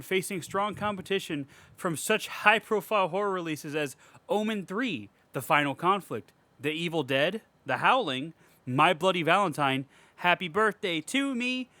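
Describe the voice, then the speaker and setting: Bright-voiced man ranting about movies. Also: high-pitched, dry recording. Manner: profane, ranting, laughs often. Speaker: podcast host. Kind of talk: casual horror movie podcast chat.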